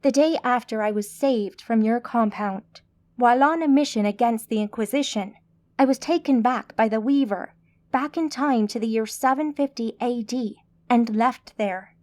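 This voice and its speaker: A woman narrator voicing a calm, formal, centuries-old female mage, in an audiobook. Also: a little high, moderate pace, natural voice. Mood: composed.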